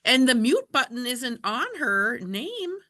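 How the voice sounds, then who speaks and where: Bright, lively woman hosting a book club. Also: fairly high pitch, slow. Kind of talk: casual talk in a video call Q&A.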